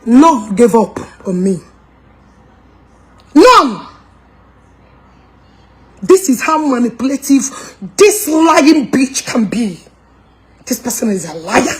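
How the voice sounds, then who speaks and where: A woman's voice: fairly high pitch, expressive, a little slow, a little mellow, a little hiss or hum. A woman with a Nigerian Igbo accent delivering a heated, mocking rant as a commentator. She mixes English and Igbo and laughs with scorn. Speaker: social media commentator.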